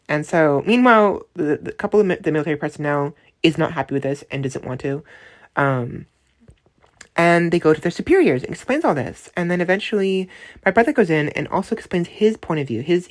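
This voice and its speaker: A woman with a notably low, deep-set voice talks through a dream in a casual, unscripted voice memo. She rambles, doubles back on her words and keeps checking in with the listener. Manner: rambling, many restarts and tag questions. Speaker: dream storyteller.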